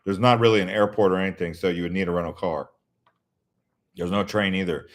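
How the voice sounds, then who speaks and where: Casual rambling American man, lowish voice. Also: fairly even intonation, fairly quick. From United States. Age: adult, Navy veteran. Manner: rambling, storytelling, frequent restarts. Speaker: live stream host answering viewer questions. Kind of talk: casual live stream chat.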